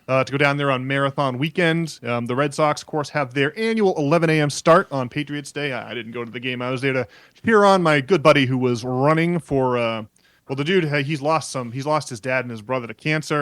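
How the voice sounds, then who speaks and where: Man, podcast co-host, casual rambling chat, mid-pitched voice, dry close sound. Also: a bit bright, no room sound. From New England. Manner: rambling, with many fillers and restarts.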